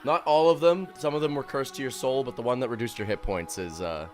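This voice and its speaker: A man's voice: medium pitch, quick pace, soft background music. A man running a tabletop game who rambles, hesitates and laughs easily. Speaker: game master.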